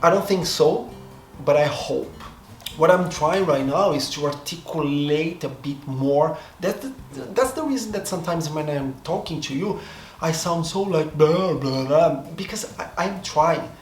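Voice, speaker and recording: A man's voice: fairly high pitch, animated, a little slow, soft background music. Brazilian man musing in an echoey room. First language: Portuguese. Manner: reflective, hesitant, often restarts and rethinks his words. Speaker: vlogger. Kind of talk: casual monologue to camera. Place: seated in front of a camera. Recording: echoey room, faint background noise.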